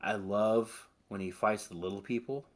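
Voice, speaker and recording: A young man on a podcast, chatting excitedly about a movie, swearing a lot and acting out lines from it. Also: on the low side, normal speed. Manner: excited, profane, quotes movie lines in put-on voices. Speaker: podcast host. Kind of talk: casual movie chat.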